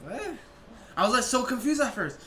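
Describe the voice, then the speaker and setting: A man's voice: fairly high pitch, lively intonation, moderate pace, sharp tone. A young man casually telling a story to his viewers, rambling and restarting sentences, full of "like" and "I'm like". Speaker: vlogger. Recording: echoey room with faint noise.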